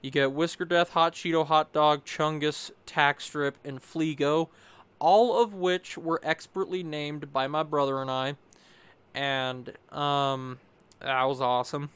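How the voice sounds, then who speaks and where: A man's voice: a little high, measured pace, clear, resonant tone. A young man talking casually over his gameplay footage, rambling and restarting his sentences as he recounts a battle. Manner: rambling, restarts often, chatty and animated. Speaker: gameplay commentator.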